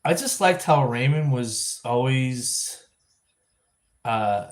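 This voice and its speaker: A man hosting a live vlog stream, chatting casually and thinking out loud with lots of restarts and self-corrections. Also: mid-range voice, animated, takes it slowly, pauses often. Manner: rambling, thinking aloud with frequent restarts. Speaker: livestream vlog host.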